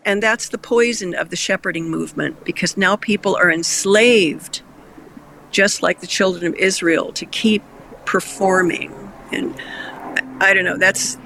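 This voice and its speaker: A man's voice: high voice, a little slow, vocal fry, sharp tone, slight background noise. A man hosting a Christian discussion show, telling Bible stories earnestly and getting emotional.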